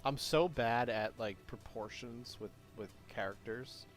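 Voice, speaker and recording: A man's voice: mid-range voice, a little slow, soft background music. A man chatting casually to his viewers on a live stream, rambling and self-deprecating with a jokey manner.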